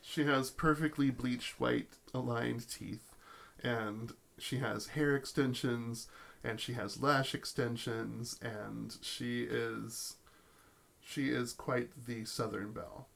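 A man's voice: mid-range voice, fairly even intonation, takes it slowly, gravelly, fairly bright tone. A man narrating as game master of a tabletop role-playing game, telling the story with many fillers and restarts.

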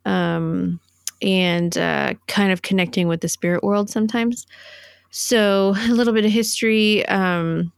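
A woman's voice: mid-range voice, dry recording, studio quality. A woman co-hosting a podcast in casual chat, rambling and laughing through her asides. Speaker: podcast co-host.

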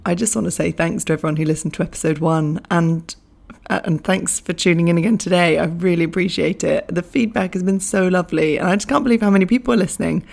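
A young woman hosting a podcast, talking casually with a hoarse, croaky voice from losing it, chatty and self-mocking, laughing often. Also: fairly low pitch, a little mellow. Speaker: podcast host. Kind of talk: casual solo podcast chat.

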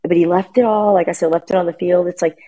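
A woman's voice: lowish voice, fairly even intonation, fast talker, dark tone, rough recording. A middle-aged woman chatting casually as a guest, telling a long family story with lots of restarts and fillers. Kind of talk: casual chat.

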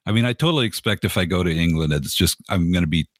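A man from Los Angeles joins a podcast as an excited guest, his speaking voice sitting very low. The recording is close and dry, with no room sound around him. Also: fast, no room sound. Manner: eager, excitable talker. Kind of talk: casual podcast chat.

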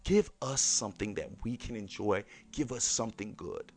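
A man voicing a quiet, serious father who speaks to his son in a low, hushed, calm way. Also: a little fast, lightly acted.

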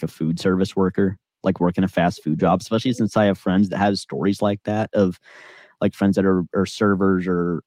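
Mellow low-voiced young man rambling. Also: dry recording, clean studio sound. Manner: rambling, filler-heavy, acts out quoted voices. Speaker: podcast co-host. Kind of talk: casual storytelling. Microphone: on-camera podcast mic.

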